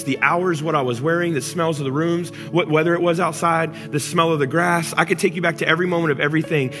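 A man preaching a sermon as pastor, animated and acting out angry complaints before dropping to soft, intimate tones. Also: fairly high pitch. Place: church auditorium. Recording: church hall reverb with music.

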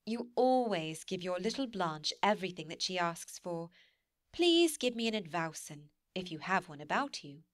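A woman's voice: on the low side, sing-song, normal speed, dry recording, studio quality. A woman voicing an eager, playful young wife who coaxes and wheedles. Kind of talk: audiobook character reading.

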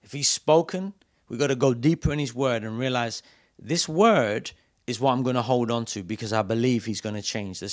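A man preaching a sermon as pastor in a church, moving between loud emphatic calls and quiet, intimate asides. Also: mid-range voice.

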